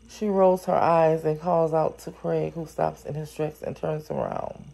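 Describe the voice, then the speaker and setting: Slow, gravelly, low-voiced woman storyteller. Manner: reads steadily, then breaks in with animated, exclaiming asides. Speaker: storyteller reading a novel aloud. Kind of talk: story reading with chatty reactions.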